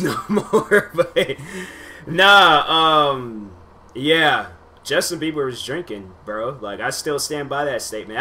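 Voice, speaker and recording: Reacting to his old uploads, this twenty-something YouTuber keeps up a casual, rambling commentary thick with slang and fillers. The voice is mid-range, bright and forceful, with a little background noise behind it.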